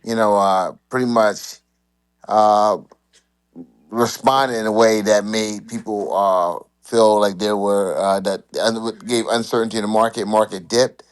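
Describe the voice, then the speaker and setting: A man hosting a live debate show, talking casually with halting restarts. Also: lowish voice, fairly even intonation, smooth. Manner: halting, many fillers and restarts. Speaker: host.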